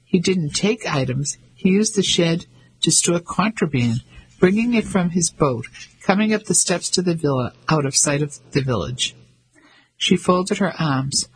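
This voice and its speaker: A man reading an audiobook as narrator, with measured storytelling. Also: a little high, animated, breathy edge, rough recording. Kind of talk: scripted narration.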